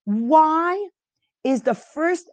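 Halting woman. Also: high voice, lively intonation. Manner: halting, restarts often, unsure of pronunciation. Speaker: podcast host leading a reading group. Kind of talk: casual spoken teaching.

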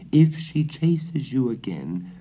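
A man voicing a thin, sly female cat in a soft, whispery storybook voice, on a dull lo-fi recording. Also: deep voice, sing-song, takes it slowly, gravelly, slight background noise, exaggerated voice. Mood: hushed conspiratorial.

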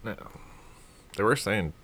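A man's voice: lowish voice, animated, slow pace, fairly bright tone, breathy edge. A man in casual chat, swearing and laughing along.

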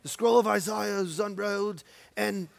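A man's voice: high voice, steady tone, moderate pace, creaky. A man putting on a bad posh British apostle. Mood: mock-solemn. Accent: British, put on badly. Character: ancient male apostle, mock-posh and solemn. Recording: long hall reverb.

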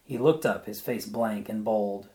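Brief: a lower-voiced man reading a short story aloud, then reflecting on it in a thoughtful way. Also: a little slow, mellow. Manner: thoughtful, searching for words. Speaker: reader.

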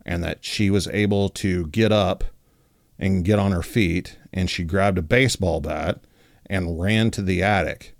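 A man with a low voice tells a story in a loose, conversational way, full of filler words. The recording is dry and close, with no room echo. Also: measured pace, vocal fry. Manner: relaxed, many fillers like 'like' and 'you know'. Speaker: podcast host. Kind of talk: casual storytelling.

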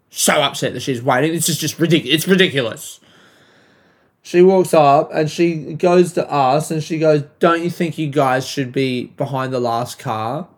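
A young man rants in a loose podcast monologue, swearing freely and breaking into yelling. His voice sits a little high for a man. The home mic clips when he raises it. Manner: profane, animated ranting, frequent yelling. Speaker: podcast host. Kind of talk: casual solo rant. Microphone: home mic recorded into laptop software, clipping.

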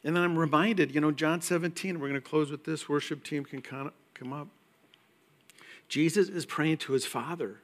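A man preaching a sermon in a church, conversational and emphatic with quiet asides. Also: fairly high pitch, fairly even intonation, normal speed. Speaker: pastor. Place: church sanctuary.

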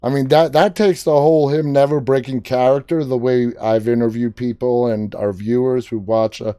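A man's voice: mid-range voice, steady tone, moderate pace, dark tone, clean tone, dry recording, clean studio sound. A man hosting an interview, asking long, winding questions in a casual way. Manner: conversational, long winding questions, short reactions. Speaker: interviewer, host.

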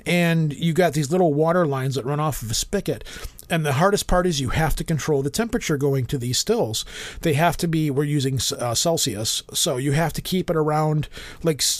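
A talkative man with a fairly high voice, rambling through a story and stumbling over his words. His voice sits close and dry with no room echo. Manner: rambling storyteller, many restarts. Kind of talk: casual chat.

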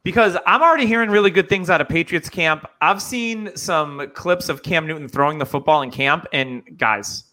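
A man's voice: on the high side, normal speed, hardly any pauses, sharp tone. A man from New Hampshire hosting a casual podcast, chatty and upbeat. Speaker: podcast host.

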